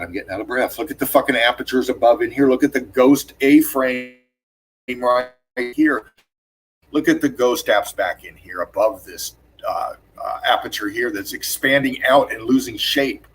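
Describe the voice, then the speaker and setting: Excitable, cursing man pointing things out. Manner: urgent, profane, repeats "look at this" constantly; rapid emphatic pointing words like "bam" and "boom". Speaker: channel host narrating screen footage. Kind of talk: excited on-screen analysis commentary.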